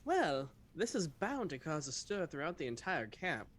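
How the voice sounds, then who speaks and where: Wry bright-voiced man playing a tabletop game. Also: on the high side, sing-song, moderate pace, slight background noise. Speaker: player.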